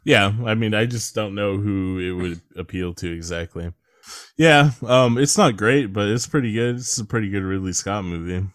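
Low-voiced young man, deadpan sarcastic podcast co-host, dry close sound. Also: normal speed, no room sound. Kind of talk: casual chat.

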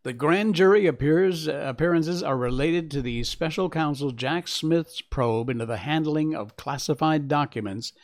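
A man hosting opinionated political news commentary, combative and sarcastic, reading headlines and dropping into low asides. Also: moderate pace, few pauses.

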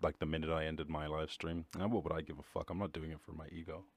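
A man's voice: a bass voice, level tone, a little hiss or hum. A young Irish man hosting a podcast alone, chatting casually in a rambling, sweary, self-mocking way. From Ireland. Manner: rambling, swearing, self-mocking, quick shifts into mock voices. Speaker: podcast host. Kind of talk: casual solo chat.

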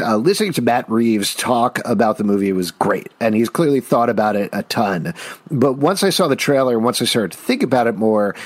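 Animated man chatting on a podcast. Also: medium pitch, no room sound. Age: adult with children. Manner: animated, joking, reads listener questions. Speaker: podcast co-host. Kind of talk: casual chat.

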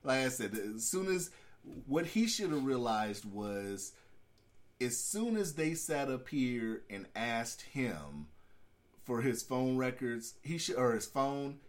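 A man co-hosting a casual podcast, talking loosely and profanely about the news, laughing often. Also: medium pitch. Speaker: podcast co-host. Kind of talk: casual chat.

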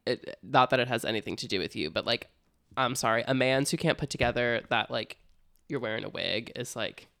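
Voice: medium pitch, vocal fry, a bit bright. A podcast co-host in casual chat who chimes in often and laughs easily. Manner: quick to laugh, chiming in.

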